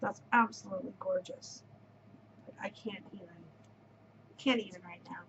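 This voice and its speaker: A woman's voice: medium pitch, lively intonation, measured pace, pauses often, fairly bright tone, highs cut off, a little hiss or hum. A middle-aged woman hosting a knitting podcast, gushing effusively over yarn in casual show-and-tell chat and repeating her words of praise.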